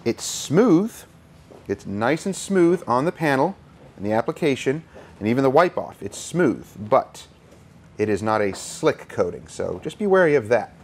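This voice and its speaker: A man hosting a car detailing video, giving relaxed, plain-spoken step-by-step instructions with some easygoing teasing. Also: medium pitch, normal speed, husky. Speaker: car detailer and channel host. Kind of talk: hands-on instructional commentary.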